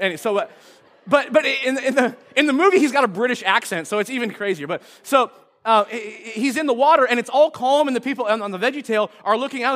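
A man preaching a sermon to a congregation as pastor, retelling a story in a lively way and acting out the characters. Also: extremely high pitch. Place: church service before a congregation.

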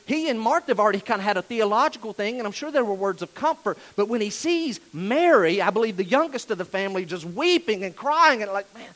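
A pastor delivers a sermon in a high, light voice. He keeps it conversational, sinking into hushed stretches before building back up to emphatic points. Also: animated, fast talker, hardly any pauses, rough recording.

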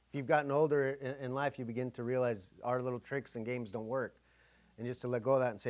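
A middle-aged pastor preaching a conversational sermon, often acting out inner dialogue. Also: male voice, medium pitch, fairly even intonation, fast talker.

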